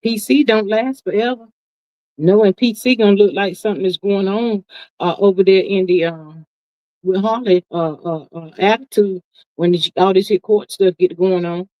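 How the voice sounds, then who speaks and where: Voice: mid-range voice, normal speed, no room sound. Sassy gossip-stream host, dull dry audio. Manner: sassy, folksy, peppered with "honey" and "child". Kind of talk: casual live-stream commentary, reading viewer comments.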